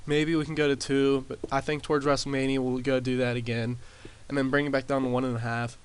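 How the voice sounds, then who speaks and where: A man's voice: mid-range voice, level tone, fast, clean tone. Rambling man recapping a wrestling sim. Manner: rambling, filler-heavy recap. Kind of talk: casual commentary over gameplay. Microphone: desk mic with boosted gain.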